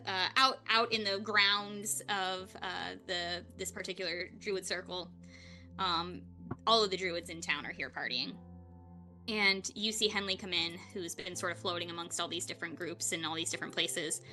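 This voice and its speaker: A woman running a tabletop game as game master, narrating in a chatty, relaxed way with many fillers. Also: lowish voice.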